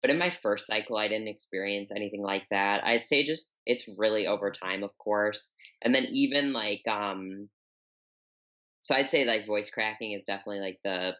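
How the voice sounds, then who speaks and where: Young woman guest, unusually deep voice, forceful tone, candid and rambling, dull lo-fi audio. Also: moderate pace. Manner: open, candid, rambling with many fillers. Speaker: podcast guest, bodybuilder. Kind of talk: casual interview talk.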